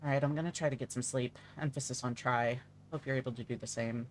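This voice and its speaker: A man's voice: mid-range voice, fairly even intonation, fast talker, slight background noise, lightly acted. A man reading the texts of a frazzled young male friend, blunt and casual.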